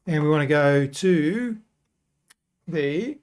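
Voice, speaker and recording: A man hosting a software tutorial, talking casually and thinking aloud as he works through each step. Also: on the high side, expressive, slow pace. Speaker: web design tutorial host. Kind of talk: screen-recorded software tutorial.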